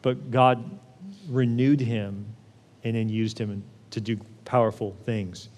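A male pastor preaching a conversational sermon, often acting out prayers in a lively voice. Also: on the low side, slow. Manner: conversational, acts out prayers in an animated voice. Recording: long reverb of a large hall.

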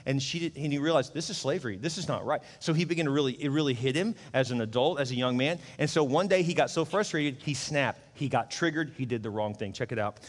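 A man's voice: medium pitch, fast talker, few pauses, in a large hall. A middle-aged man preaching a conversational sermon as pastor, acting out the voices he quotes.

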